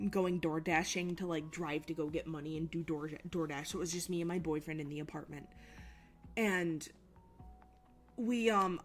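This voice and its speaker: A young woman streaming from her desk at home, telling a story in a rambling, casual way and swearing freely. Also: lowish voice.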